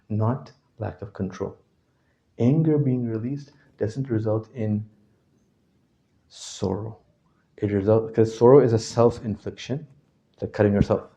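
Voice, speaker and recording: A man teaching a class, constantly asking his listeners questions and checking that they understand, his voice jumping from loud to quiet. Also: fairly low pitch, highs cut off. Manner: animated, swings from loud to quiet. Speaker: religious teacher. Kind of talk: interactive lecture to a class.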